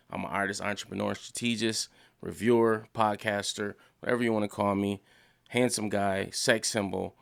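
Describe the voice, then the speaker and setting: A young man reviews a TV series in a loose, casual way, with a low, gravelly voice. He swears freely and gets so excited that his pitch leaps up high. His talk is full of fillers and restarts. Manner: excited, loose and profane, jumps pitch when worked up. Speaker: TV show reviewer.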